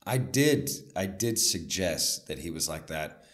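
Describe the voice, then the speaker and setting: A middle-aged man, an actor being interviewed, telling stories in a casual, animated way and acting out the voices of people in them. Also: low voice, a little slow. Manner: animated, acts out voices in anecdotes.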